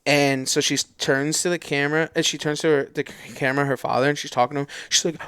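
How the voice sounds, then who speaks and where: A man co-hosting a podcast, telling stories in casual, slangy chat with loose, animated energy. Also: fairly high pitch, quick pace, few pauses, clean tone, dry recording, studio quality. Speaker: podcast co-host.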